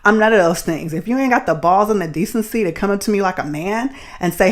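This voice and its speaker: Woman, podcast host, from the Bay Area, casual storytelling, blunt, profane, animated, laughs often. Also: medium pitch, quick pace. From San Francisco Bay Area.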